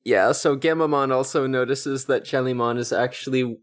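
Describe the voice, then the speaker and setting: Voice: medium pitch, moderate pace. A co-host in a casual podcast chat, recapping the plot in an easygoing way with frequent mm-hmms. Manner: relaxed recapping, many affirming mm-hmms.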